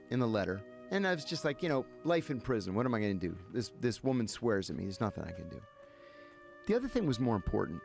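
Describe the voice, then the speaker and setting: With a fairly low, creaky voice, a male podcast guest tells an animated story in casual talk, voicing the dialogue himself. Music plays in the background.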